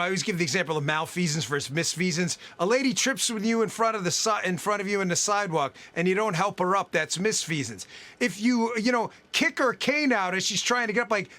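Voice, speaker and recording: Brief: male TV guest, very high and bright, sarcastic and emphatic. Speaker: guest commentator. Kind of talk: political TV interview.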